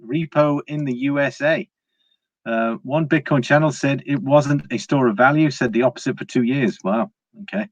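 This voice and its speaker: On a casual live stream, a British man reads viewer comments and rambles through his thoughts, dropping lots of "uh"s and fillers and frequently starting over. He talks at a normal speed in a mid-range voice, captured in a dry, somewhat dull lo-fi recording.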